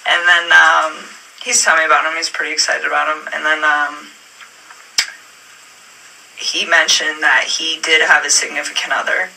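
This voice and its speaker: A woman speaks hesitantly in a police interview, with a gravelly edge and a sharp, tense tone. She is picked up by a distant room mic, with faint noise underneath. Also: deep voice, little pitch movement, moderate pace. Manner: hesitant, many fillers and restarts. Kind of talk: police interview, recounting events.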